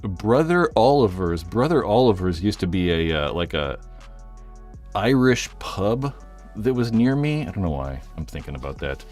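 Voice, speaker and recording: Very animated and slightly out of breath, this man speaks in a low, somewhat mellow voice at normal speed. He's hosting a laid-back live stream, wandering through jokes and reading out messages from chat. Faint music plays behind him.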